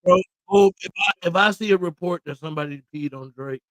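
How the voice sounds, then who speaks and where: A man co-hosting a podcast in casual chat, loud and profane in an exasperated joking way. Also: sits high, a little fast, no room sound. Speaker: podcast co-host.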